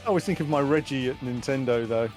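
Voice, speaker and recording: A man's voice: medium pitch, fast talker, a little mellow, soft background music. A man co-hosting a stream, giving dry, sarcastic reaction commentary. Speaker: stream co-host.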